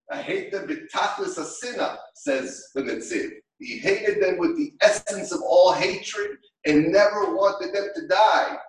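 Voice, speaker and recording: A man's voice: mid-range voice, distant mic. A middle-aged man teaching an impassioned Torah class, speaking emphatically and rhetorically. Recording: echoey room, from off mic.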